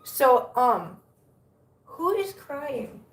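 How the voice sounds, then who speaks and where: A woman's voice: sits high, big pitch swings, extremely slow, distant mic. A woman from the US, chatting casually to her live stream viewers and laughing often. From Southern US. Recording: roomy sound from off mic.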